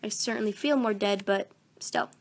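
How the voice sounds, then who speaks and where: A woman's voice: mid-range voice, normal speed, a little hiss or hum. A fourteen-year-old girl who is sick, rambling casually into her phone about recording voice-acting videos. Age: teens. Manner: rambling, meandering, self-deprecating. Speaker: voice actor vlogger.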